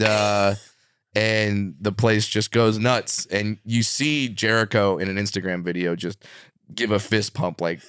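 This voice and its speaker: Man, low voice, lively casual chat, laughing, restarting sentences, dry close studio mic. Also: clean tone, dry recording. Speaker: comedian guest. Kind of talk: casual chat, animated storytelling. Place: podcast studio.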